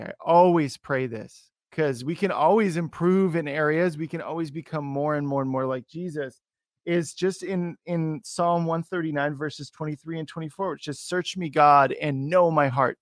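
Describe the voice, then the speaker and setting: Young male podcast host with a fairly high voice on a dry mic, casual and excitable. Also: no echo. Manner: enthusiastic, casual, many fillers. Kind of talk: podcast interview.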